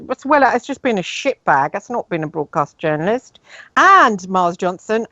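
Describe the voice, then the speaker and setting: A woman's voice: medium pitch, a bit bright, dry recording, muffled recording. A woman with an English accent hosting a radio show, chatting casually and with some exasperation, with many fillers.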